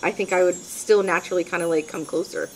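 A woman's voice: fairly low pitch, fairly even intonation, fast talker, a little mellow, a little hiss or hum. A woman playing her character in a tabletop role-playing game, thinking aloud with frequent restarts as she decides what to do. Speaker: player. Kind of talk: casual tabletop game play.

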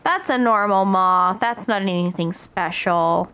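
An American woman streaming a game, chatting excitedly with her viewers as she plays. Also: mid-range voice, unhurried, clear, resonant tone. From United States. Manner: chatty, excitable, talks to chat while playing. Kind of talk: casual live-stream chat while gaming.

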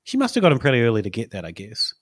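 A man's voice: medium pitch, wildly swooping pitch, racing. A man, a podcast host rambling through stories with small chuckles. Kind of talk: casual chat.

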